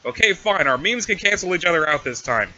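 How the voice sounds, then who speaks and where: Man reading a deadpan cool teenage boy, sarcastic, profane, faint hiss behind. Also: a little high, fairly quick, lo-fi sound. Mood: irritated. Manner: flat, sarcastic, cursing. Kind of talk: reading a webcomic aloud with voices.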